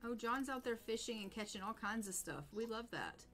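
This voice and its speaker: A woman streams a life-sim game and chats along. She talks straight to her characters and her viewers, in a fairly high voice. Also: animated, normal speed, a bit bright. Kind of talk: live game stream commentary.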